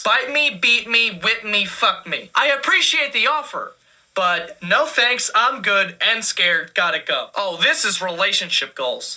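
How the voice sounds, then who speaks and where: Give me a young man doing profane, mocking comedy commentary with a piercing bright tone. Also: sits high. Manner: crude, profane, sarcastic roasting.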